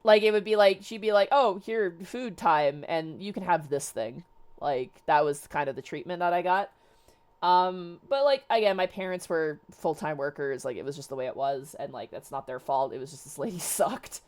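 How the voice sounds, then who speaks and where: A woman's voice: low voice, animated, fairly quick, darkish tone, clean tone. A young woman host telling a personal story in casual chat, rambling with many fillers and restarts. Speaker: streamer host.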